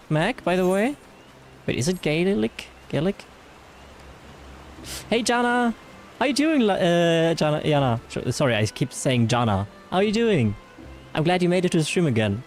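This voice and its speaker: Lively German man streaming a game. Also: high-pitched. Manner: chatty, rambling with fillers and restarts, reads chat aloud. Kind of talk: casual gameplay livestream chat.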